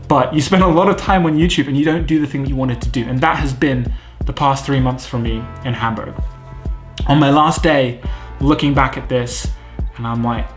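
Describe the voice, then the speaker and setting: At home, a British man in his thirties talks candidly and reflectively to camera, earnest and self-critical as he thinks aloud. He speaks at a normal speed in a mid-range voice while faint music plays behind him.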